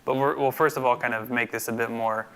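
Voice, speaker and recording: A man's voice: medium pitch, fairly even intonation, fast, fairly bright tone. A man teaching a live-coding screencast, thinking aloud with many fillers and restarts. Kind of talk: casual screencast coding tutorial.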